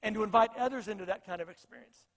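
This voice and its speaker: High-voiced pastor preaching in a reverberant hall. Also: male voice, racing. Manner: earnest, repeats phrases for emphasis. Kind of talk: sermon.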